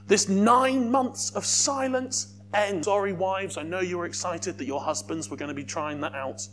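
A man preaching a sermon as a youth worker, lively, with joking asides to the congregation. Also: on the high side, normal speed, slight background noise.

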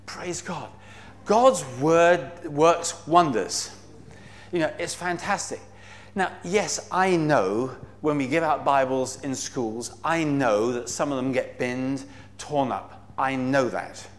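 A man's voice: medium pitch, slow. A man giving an earnest, enthusiastic talk to a church congregation, with frequent fillers and cries of praise. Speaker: visiting Bible society speaker.

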